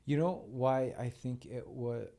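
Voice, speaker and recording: A man's voice: medium pitch, unhurried, vocal fry, mellow. A man hosting a podcast, talking in a reflective, encouraging way. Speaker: podcast host. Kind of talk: conversational podcast interview.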